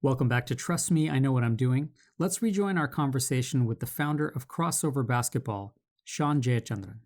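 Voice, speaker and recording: A male podcast host reading a scripted show announcement in a measured, read-aloud delivery. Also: medium pitch, a little mellow. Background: faint music.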